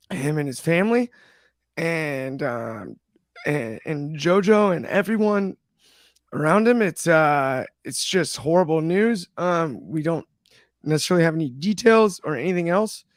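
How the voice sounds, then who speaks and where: A man hosting a podcast who talks in a subdued way, halting with many fillers. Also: on the high side, lively intonation, no echo, clean studio sound. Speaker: podcast host. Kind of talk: casual podcast talk.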